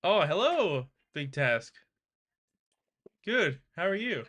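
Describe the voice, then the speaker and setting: A man's voice: on the high side, very animated, slow pace, fairly bright tone. A man live streaming his coding practice, chatting casually with viewers and reading their messages aloud. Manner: chatty, laughing, talks to viewers and reads their chat aloud. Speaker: live streamer learning to code.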